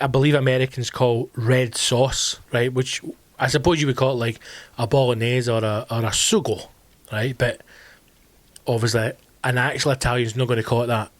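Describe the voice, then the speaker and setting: A Scottish comedian with a Glasgow accent talks straight to his listeners in a loose solo podcast monologue. He is lively and swears freely, and his voice sits at an ordinary male pitch. The sound is dry and close, with no room around it. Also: dry recording. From Scotland. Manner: animated, swears freely, addresses listeners as team. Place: home during lockdown.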